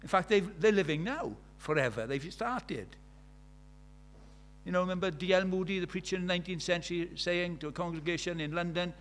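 A man's voice: high-pitched, brisk, fairly bright tone, a little hiss or hum. An older man, preaching a sermon in a conversational way, full of rhetorical questions.

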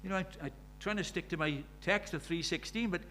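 A man's voice: high voice, fairly quick, sharp tone. A man preaching a sermon, emphatic and storytelling, firing rhetorical questions at the congregation.

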